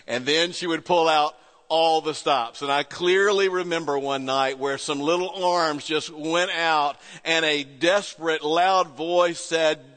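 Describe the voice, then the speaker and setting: A middle-aged man preaching a sermon, telling a story with pauses and soft quoted voices. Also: fairly high pitch. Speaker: pastor. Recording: reverberant church hall.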